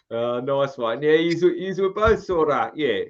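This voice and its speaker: A man's voice: mid-range voice, animated, takes it slowly, muffled recording. An Australian man hosting a podcast, chatting loosely, swearing freely and trailing off with ums. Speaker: podcast host. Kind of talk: casual podcast chat.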